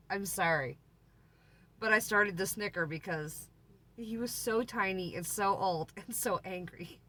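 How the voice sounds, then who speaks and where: A woman's voice: medium pitch, bright, forceful tone. A woman RV vlogger telling a story in a chatty, laughing, exaggerating way. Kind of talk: story time vlog.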